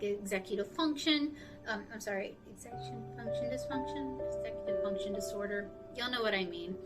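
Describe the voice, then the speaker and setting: A woman's voice: a little high, far from the mic. A woman with a Southern US accent talking candidly and a bit rambling to her audience in a casual vlog. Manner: candid, rambling, self-reflective. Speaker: artist vlogger. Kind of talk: casual talk to camera.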